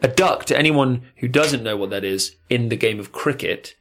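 A man's voice: mid-range voice, moderate pace, a bit bright, slight background noise. Emphatic, motivational male podcast host. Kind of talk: casual chat.

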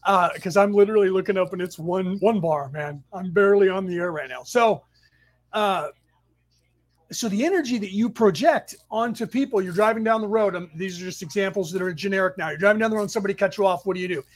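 A man hosting a spiritual study class on a live stream, telling stories in a rambling way with sudden loud outbursts, talking into a home computer mic. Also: sits high, fast talker. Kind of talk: casual live-stream storytelling. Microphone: home computer mic over weak Wi-Fi.

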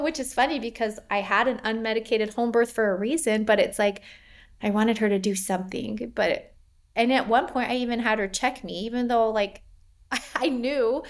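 A woman in her thirties recounting her birth story in a casual, rambling way, with many fillers and frequent laughs. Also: medium pitch. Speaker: podcast guest. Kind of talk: personal story, casual interview.

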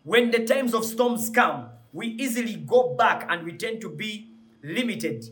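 A man's voice: high voice, expressive, unhurried, a bit bright. A man preaching a sermon with passion, building to emphatic peaks with repeated rhetorical questions, often repeating words as he searches for them.

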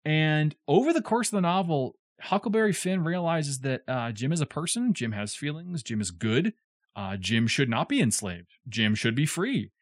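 A man with a lively voice that swings up and down as he explains a novel to his co-hosts, chatty and digressive with little joking asides. The sound is close and dry, with no room around him. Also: on the high side, normal speed, dry recording. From southern United States. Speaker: podcast co-host explaining a classic novel. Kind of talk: casual explanatory chat.

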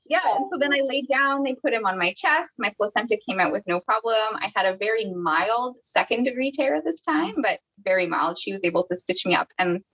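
Woman, from Canada, podcast guest, casual storytelling, middle pitch, chatty with restarts, dull lo-fi sound. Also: a bit bright. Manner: chatty, many restarts and quoted dialogue.

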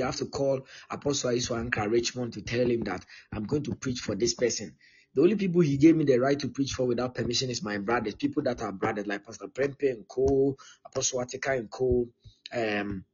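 Very husky pastor, emphatic. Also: male voice, medium pitch, a little mellow, dull audio. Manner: emphatic and repetitive, often checking in with "okay?". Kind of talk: live-streamed teaching sermon.

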